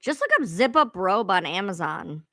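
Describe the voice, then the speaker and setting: A woman's voice: medium pitch, very animated, moderate pace, pushed and bright, no echo, clean studio sound. A woman chatting casually on a live stream from home, swearing freely and laughing at herself. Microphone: own streaming mic sounding odd.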